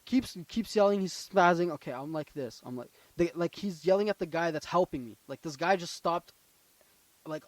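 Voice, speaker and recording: A young man co-hosting a casual podcast, telling a story with lots of swearing, swinging between loud and quiet. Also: a little high, no echo. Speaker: podcast co-host.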